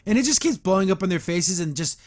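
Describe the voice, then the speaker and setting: A man's voice: high voice, lively intonation, fast, a little mellow. A man hosting a podcast, recapping a show episode in a rambling, exasperated, casual way with many fillers and restarts. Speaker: podcast host.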